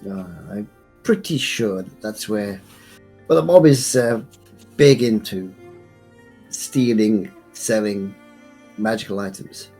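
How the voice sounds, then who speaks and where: A man speaking as a player in a tabletop game, talking haltingly with restarts. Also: on the low side, mellow, soft background music. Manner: halting, stumbling speech with laughs. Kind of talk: casual tabletop play.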